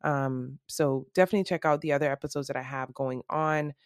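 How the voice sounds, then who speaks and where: A woman with a low, slightly rough morning voice hosts a solo podcast, speaking candidly and reflectively with frequent ums and restarts. The sound is close and dry, with no room around it. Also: steady tone, fairly quick, no echo. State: voice a bit rough from early morning. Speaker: podcast host. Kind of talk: casual solo podcast monologue.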